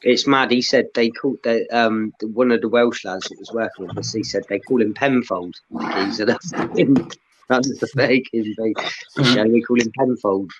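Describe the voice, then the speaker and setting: A man's voice: medium pitch, fairly even intonation, moderate pace, lo-fi sound, a little hiss or hum. A man in casual banter, telling rambling anecdotes full of swearing.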